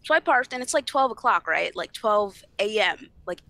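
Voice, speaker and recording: A woman's voice: medium pitch, animated, normal speed, bright, forceful tone, dry recording. A young woman guest on a podcast, bluntly retelling a family argument with lots of swearing and acted-out dialogue. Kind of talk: casual storytelling chat.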